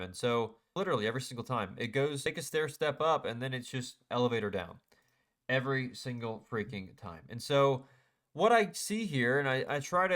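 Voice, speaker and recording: A man's voice: mid-range voice, a bit bright. Man, young adult, trading recap vlog, mid voice, self-critical and irritated with his losses. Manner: self-critical, frustrated, talks through chart mistakes. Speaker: day trader. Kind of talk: casual screen-share trade recap.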